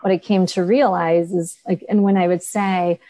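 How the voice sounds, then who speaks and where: A woman artist on a video coaching call, telling her story in an earnest, animated way. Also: lowish voice, normal speed, no room sound, poor audio.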